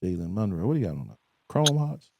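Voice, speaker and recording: A man's voice: lowish voice, fast talker, heavy background noise. A young man co-hosting a podcast, talking casually and animatedly. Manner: animated, laughing, swearing freely. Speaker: podcast co-host. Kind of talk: casual chat.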